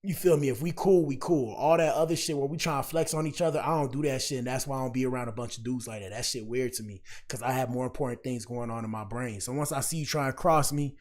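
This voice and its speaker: A man's voice: medium pitch, fast, few pauses, a little mellow. A man hosting a podcast, talking alone in casual slang, preachy and given to repeating himself. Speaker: podcast host. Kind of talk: casual commentary monologue.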